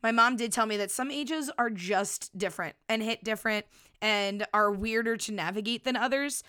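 A woman's voice: a little high, normal speed, sharp tone, smooth. A woman in her thirties hosting a solo podcast, chatting in a playful, casual way and swearing freely into a microphone. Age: 30s. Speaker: podcast host. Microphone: studio microphone.

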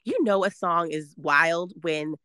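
A woman in her thirties, hosting a casual chat, animated and laughing as she talks. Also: on the low side, takes it slowly, clear, resonant tone, dry recording, studio quality. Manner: animated, laughing, reads lyrics aloud playfully.

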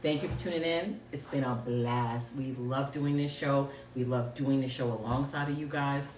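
A woman's voice: a bass voice, steady tone, normal speed, darkish tone. Middle-aged lady hosting a live chat show, joking and reading comments, echoey room, mic kinda far off. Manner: playful, laughs often, reads out comments. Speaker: host of a live call-in show. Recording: roomy, distant mic with faint background noise.

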